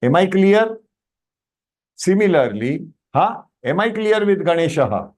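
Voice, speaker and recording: A man's voice: sits high, very animated, measured pace, a little mellow. A man with an Indian English accent teaching an online language class, patiently drawing out and repeating each pronunciation and checking that students follow. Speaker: Sanskrit teacher.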